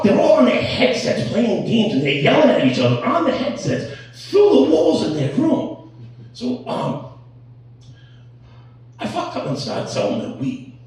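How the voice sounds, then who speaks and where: A middle-aged man doing a crude stand-up set, telling stories with animated delivery. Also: on the high side, recorded from a distance. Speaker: stand-up comedian. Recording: echoey room, heard from off-mic.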